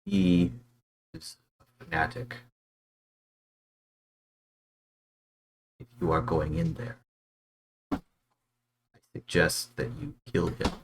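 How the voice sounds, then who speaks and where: A man voicing a wary underground guard in a whispered role-play, speaking in hushed, urgent tones. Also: sits low, very animated, a little slow, pauses often, noisy background, heavily acted.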